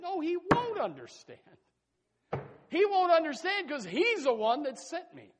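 A man preaching a sermon as pastor, emphatic and folksy, swinging between loud bursts and soft asides and repeating his phrases. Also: extremely high pitch, sing-song, moderate pace. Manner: folksy, addresses listeners as folks and says amen.

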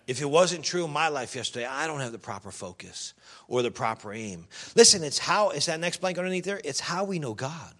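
A man preaching a sermon as pastor, swinging from loud exhortation to quiet earnest asides and acting out objections from the pews. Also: animated, a little fast. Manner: acts out congregation objections in a higher voice.

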